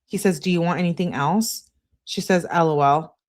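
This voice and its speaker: Woman, lowish voice, true crime host, reads messages aloud, plain delivery, spells abbreviations letter by letter. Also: normal speed. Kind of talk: reading text messages aloud.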